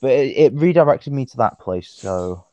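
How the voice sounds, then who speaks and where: A man's voice: medium pitch, expressive, moderate pace, warm tone, no room sound, rough recording. A young man hosting a casual podcast chat, rambling, restarting and stumbling over his words. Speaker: podcast host.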